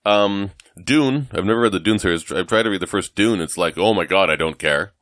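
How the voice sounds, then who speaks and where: A man's voice: sits low, a little fast, a bit bright, dry recording, clean studio sound. A man from the United States co-hosting a casual chat, rambling and self-deprecating with many fillers and restarts. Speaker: podcast co-host.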